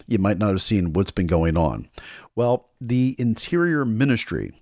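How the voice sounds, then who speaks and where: A man's voice: fairly low pitch, expressive, a little slow, a little mellow, dry recording, studio quality. An American man hosting a political talk show, delivering an indignant, sarcastic monologue.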